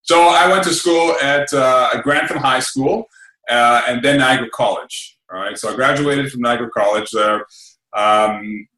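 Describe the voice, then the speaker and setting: A middle-aged man, raised in England, chatting in a relaxed, rambling way as an interview guest, full of fillers and tag questions. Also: mid-range voice, moderate pace, echoey room, rough recording. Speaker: radio host guest. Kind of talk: casual interview.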